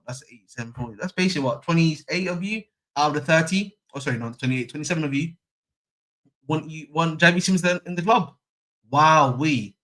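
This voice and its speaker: With a fairly bright, higher-leaning voice, the young football channel host chats casually on his fan stream, repeating himself and dropping slang.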